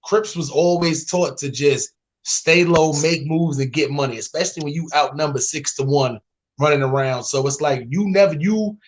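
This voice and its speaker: A man's voice: fairly high pitch, normal speed. A man from New York with a New York accent, a podcast panelist, bantering in a joking, profane, slangy way. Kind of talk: casual chat.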